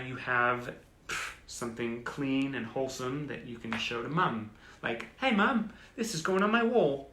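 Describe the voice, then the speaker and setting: A man hosts a casual live stream, reading old clippings aloud with wry, self-mocking asides, picked up by a phone or webcam. His mid-range voice has vocal fry and a bright, forceful tone, and it sounds reverberant.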